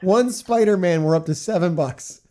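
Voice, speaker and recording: A man's voice: high voice, moderate pace, mellow, a little hiss or hum. A man hosting a live stream, chatting casually and telling stories with jokes and swearing. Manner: joking, profane storytelling. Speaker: streamer host.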